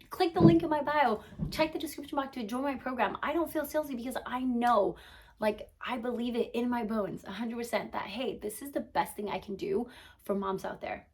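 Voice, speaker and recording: A young adult woman, a business and mindset coach, giving an energetic motivational talk to camera, peppered with "like" and asking "okay?" as she goes. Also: mid-range voice. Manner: energetic, emphatic, frequent "like" and "okay?" check-ins.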